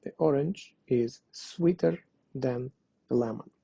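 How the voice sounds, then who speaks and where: A man's voice: mid-range voice, takes it slowly, gravelly, warm tone, husky, no echo. A man teaching a language lesson online, explaining step by step and translating each example. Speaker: Spanish teacher. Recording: dull lo-fi dry recording.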